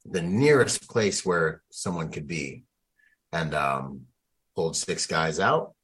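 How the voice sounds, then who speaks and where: Deep-voiced man telling a war story. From United States. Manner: animated, slangy, laughs often. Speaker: guest, Marine veteran. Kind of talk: conversational storytelling.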